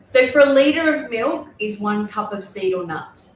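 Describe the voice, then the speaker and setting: A woman's voice: on the high side, lively intonation, normal speed, background noise. A woman hosting a casual cooking livestream from her kitchen, explaining as she goes and often correcting herself. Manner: rambling, self-correcting explanations. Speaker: livestream host. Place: home kitchen. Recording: echoey room with faint ambience.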